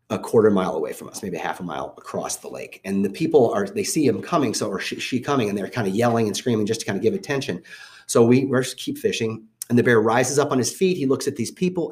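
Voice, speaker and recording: A man's voice: medium pitch, darkish tone. A man telling a story from his own life. He speaks casually, often corrects himself and restarts, and acts out the voices of the people in it. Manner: rambling with self-corrections and restarts. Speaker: father telling a family story.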